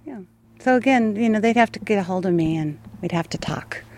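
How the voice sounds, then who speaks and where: A woman's voice: medium pitch, lively intonation, a little fast, darkish tone. Chatty woman bird rescuer. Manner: chatty, laughs often, self-correcting. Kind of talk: interview answers.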